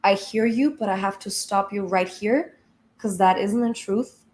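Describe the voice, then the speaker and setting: A woman putting on the voice of a calm, steady male partner who speaks soothingly but firmly. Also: mid-range voice, measured pace, natural voice.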